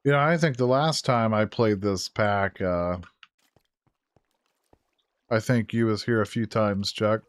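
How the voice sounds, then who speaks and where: Male streamer, relaxed running commentary, easily spooked, dry close-miked voice. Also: fairly low pitch, unhurried, long pauses, smooth, no echo. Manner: chatty, easily startled, laughs often. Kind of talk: casual gameplay commentary.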